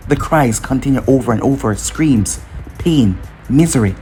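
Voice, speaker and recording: Tts guy narrating a dramatic story, lively pitch, quiet music behind. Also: normal speed. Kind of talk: scripted narration. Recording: faint music underneath.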